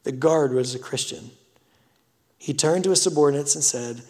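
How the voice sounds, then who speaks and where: A pastor giving a sermon, telling a story with emphatic swells and hushed drops. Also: male voice, medium pitch, a little fast, big-room sound.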